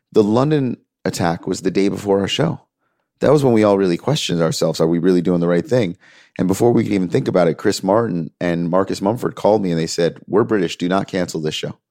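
Interview guest: man, very low voice, earnest and animated storyteller, dry close sound. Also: creaky, no room sound. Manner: earnest, animated retelling with quoted dialogue. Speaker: music manager, interview guest.

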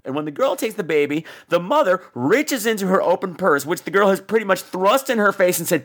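A man hosts a podcast and rants through a bad-movie review with profane sarcasm. His voice sits high and swings widely in pitch, animated throughout. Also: a little fast, few pauses. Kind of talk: comedic movie-review rant.

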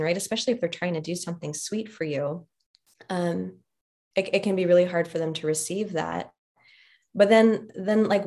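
A woman guest on a podcast, talking casually and telling personal stories with frequent laughs and lots of "like". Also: lowish voice. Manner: warm storytelling with frequent laughs and "like" fillers. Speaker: podcast guest, relationship coach. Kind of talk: casual conversational podcast talk.

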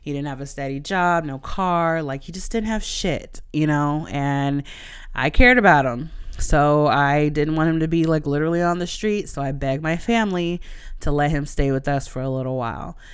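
A woman's voice: low voice, moderate pace, clean tone. A woman podcast host, candidly telling a personal story in an exasperated, casual way.

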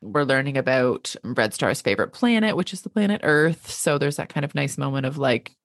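Low, lively woman podcast co-host. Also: a little fast, dry recording, clean studio sound. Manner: expressive, lively, laughs often, reads quotes aloud. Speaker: podcast co-host and literary agent. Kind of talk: casual podcast chat.

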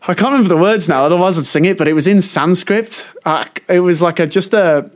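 Rambling man telling a story, slightly high. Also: fast talker. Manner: rambling storyteller who often trails off and restarts. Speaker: podcast co-host. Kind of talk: casual chat.

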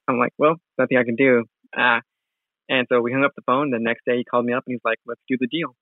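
A man's voice: medium pitch, vocal fry, dry recording. A man, a real estate wholesaler, telling a story in a casual interview with many fillers and restarts. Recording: tinny phone-like sound.

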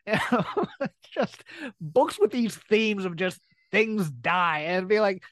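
A man's voice: high voice, big pitch swings, moderate pace, a bit bright, no echo. A man co-hosting a podcast, chatting casually in a jokey, rambling way with frequent laughter. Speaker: podcast co-host. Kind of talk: casual chat.

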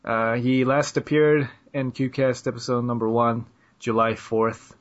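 A man's voice: medium pitch, little pitch movement, measured pace. A young man hosting a podcast, chatting loosely and joking around with his co-host. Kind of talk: casual chat. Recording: slightly muffled lo-fi audio.

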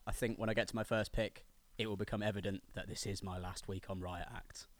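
A man co-hosts a podcast in relaxed conversation, answering with a dry, understated wit. The recording is close and dead, with no room around his voice. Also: lowish voice, fairly quick, no echo. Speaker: podcast co-host. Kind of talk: casual podcast chat.

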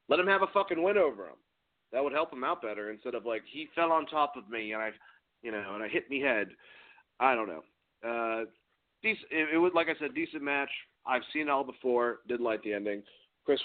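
A man co-hosting a podcast, recapping and chatting loosely with fillers and swearing. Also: medium pitch. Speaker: podcast co-host. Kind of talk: casual chat and recap. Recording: tinny phone-like audio.

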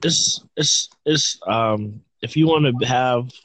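A man's voice: mid-range voice, slow pace, fairly bright tone, poor audio. A man from Virginia, hosting a casual chat and rambling as he searches for words. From Virginia, United States. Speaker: host.

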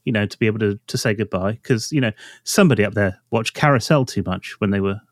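A man's voice: lowish voice, quick pace, no echo, studio quality. A man co-hosting a podcast, explaining ideas in a rambling, thoughtful way. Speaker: podcast co-host. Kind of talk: casual chat.

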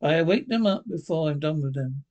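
A man reading aloud as a brisk, brash young ghost hunter, barking orders in a slightly raised voice. He rules the group, quick to scoff and quick to command, straight from an old storybook. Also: fairly high pitch, animated, a little mellow, lightly acted. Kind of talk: audiobook character voice.

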